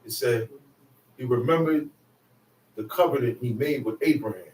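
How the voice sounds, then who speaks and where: A man's voice: mid-range voice, normal speed, a little hiss or hum. A man preaching in a roomy hall. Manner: conversational, rising to shouts for emphasis. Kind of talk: sermon. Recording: roomy, mic at a distance.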